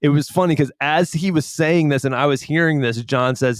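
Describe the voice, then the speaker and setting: A man co-hosting a casual podcast, animated as he tells a story and quick to break into laughter. His voice sits at an ordinary middle pitch. It is recorded close and dry, with no room sound. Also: no echo. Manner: laughs often, animated storytelling with acted-out quotes. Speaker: podcast co-host. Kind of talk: casual chat.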